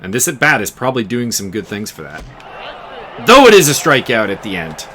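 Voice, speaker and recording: A man giving casual play-by-play commentary on a baseball game he is playing, chatty and quick to laugh. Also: fairly low pitch, big pitch swings, pushed and bright, slight background noise. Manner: chatty, laughs often, muses over player names. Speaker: game streamer commentating his baseball season.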